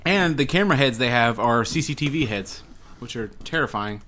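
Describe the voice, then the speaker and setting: A man's voice: medium pitch, expressive, fairly quick, sharp tone, slight background noise. Man hosting a goofy headline quiz. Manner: reads headlines with silly rhyming intros. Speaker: quiz host. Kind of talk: casual podcast quiz banter.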